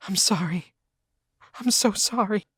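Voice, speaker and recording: A man voicing a tearful young woman begging forgiveness in an audiobook, his voice raised high and pleading. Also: unhurried, husky, no echo, clean studio sound.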